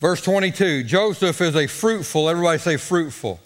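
A man's voice: on the high side, a little fast, long reverb tail. A man preaching a sermon, leading call-and-response and drawing out his phrases for drama. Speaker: pastor.

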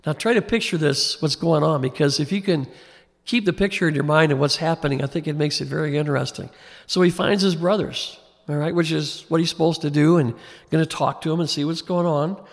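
Gravelly preacher in a reverberant hall. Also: male voice, fairly high pitch, fairly quick. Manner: conversational, rising to emphatic preaching. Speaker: pastor. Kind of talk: expository sermon.

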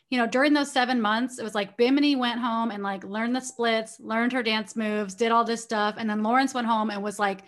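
Chatty woman gossiping with a friend. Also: a little high. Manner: animated, gossipy storytelling. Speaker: podcast co-host. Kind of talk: casual chat.

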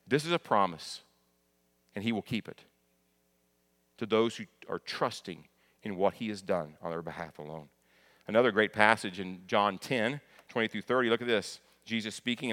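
A man's voice: on the low side, a little fast, a bit bright, big-room sound. A man preaching a sermon in an earnest way, who repeats key phrases for emphasis and restarts words. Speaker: pastor.

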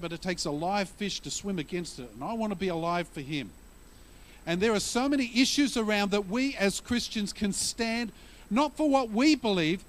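A male pastor preaching a sermon in a conversational way, telling stories and using humor to explain scripture. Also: high-pitched.

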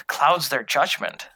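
A man's voice: on the high side, bright, forceful tone, husky, no room sound, low-quality recording. A man talking casually with a co-host, rambling with many fillers and restarts. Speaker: podcast co-host. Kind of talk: casual fan discussion.

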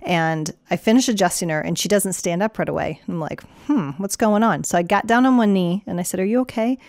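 Energetic woman podcast host, dry sound. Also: medium pitch, a little fast, no echo. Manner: energetic, animated storytelling. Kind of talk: casual health podcast talk.

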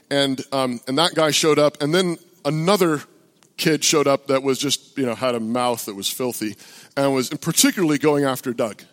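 Pastor guy rambling through a story, lots of ums, mid voice, echoey hall. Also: mid-range voice. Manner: halting, lots of fillers and restarts. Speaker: pastor and open-air preacher. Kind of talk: storytelling sermon talk. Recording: long hall reverb.

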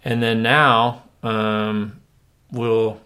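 A man hosting a casual podcast, talking in a relaxed, rambling way with many fillers and restarts. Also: fairly low pitch, extremely slow. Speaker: podcast host. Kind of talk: casual chat.

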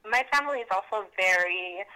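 A woman's voice: mid-range voice, lively intonation, a little fast, sharp tone, clean tone, low-quality recording. A young adult woman, a doctoral student, candidly recounting her own experiences in an interview with frequent fillers. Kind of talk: personal storytelling in an interview.

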